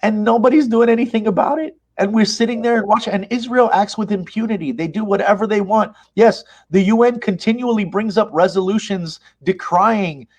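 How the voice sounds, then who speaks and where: A man's voice: high voice, a little fast, hardly any pauses. A man being interviewed, speaking in an impassioned, emphatic way and retelling events with animation. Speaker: interview guest, mosque leader. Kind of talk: conversational interview.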